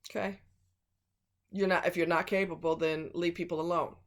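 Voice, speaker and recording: A woman's voice: lowish voice, flat delivery, moderate pace. A woman vlogger giving blunt relationship advice in a casual, emphatic monologue.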